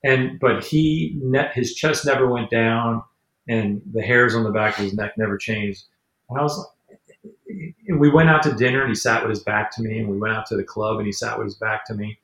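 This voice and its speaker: A man telling casual stories as an interview guest, rambling and animated, acting out what people said. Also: fairly low pitch, moderate pace, reverberant, poor audio. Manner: rambling, animated storyteller who acts out the quotes. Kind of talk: casual storytelling.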